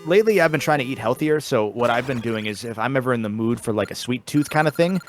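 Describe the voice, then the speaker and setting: A man hosting a relaxed charity stream, reading out donation messages in a casual, chatty way. He trips over awkward wording now and then and laughs it off. Faint music plays under his voice. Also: mid-range voice, fast talker. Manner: reads donation messages aloud, stumbling and laughing. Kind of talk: casual chat.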